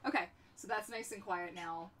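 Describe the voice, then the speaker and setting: A young woman hosting a casual livestream from her home workshop, chatting in an animated way and talking to her pets. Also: mid-range voice, moderate pace. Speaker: livestream host. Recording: distant mic with background noise.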